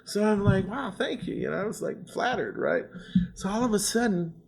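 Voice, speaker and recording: A man's voice: high voice, sing-song, a little fast, creaky. An older man, a musician guest in an interview, animatedly telling a story and acting out the voices of the people in it.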